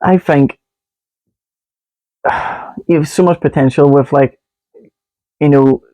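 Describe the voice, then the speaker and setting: A man's voice: on the high side, slow pace, warm tone, no room sound, rough recording. A man co-hosting a podcast, joking in a casual chat, laughing often and going off on rambling asides. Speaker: podcast co-host.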